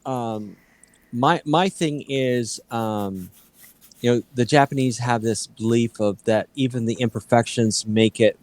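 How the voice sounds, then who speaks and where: A man in his fifties co-hosting a casual chat, talking in a rambling, halting way. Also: medium pitch, darkish tone, dry recording. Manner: rambling, halting, many fillers and restarts. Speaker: co-host.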